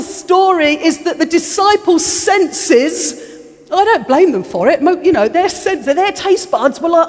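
A woman preaching a sermon, telling the story in an animated way, with repeated words and frequent laughter. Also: high-pitched, moderate pace. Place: church hall. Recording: echoey church hall.

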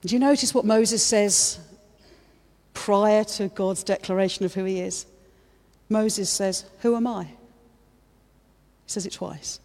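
A woman's voice: medium pitch, slow pace, pauses often, a little mellow. A woman preaching a sermon in church, fervent and repeating her phrases as she builds.

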